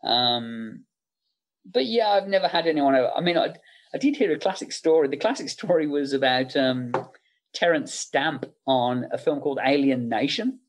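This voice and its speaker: Brief: middle-aged male guest, slightly high voice, rambling anecdotal talk. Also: lively intonation, normal speed. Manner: rambling, anecdotal, many fillers. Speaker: makeup effects artist, guest. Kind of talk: casual interview chat.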